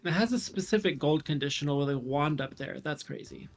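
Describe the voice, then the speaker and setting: A man's voice: a little high, animated, fairly quick, faint music behind. A man commentating casually on a tournament stream, thinking aloud through numbers and puzzle solutions.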